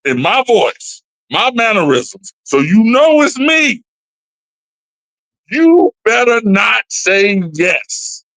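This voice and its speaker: A man's voice: high voice, big pitch swings, takes it slowly, creaky, fairly bright tone, no room sound, rough recording. A man co-hosting a casual movie-discussion podcast, going off on playful, mock-serious rants. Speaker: podcast co-host.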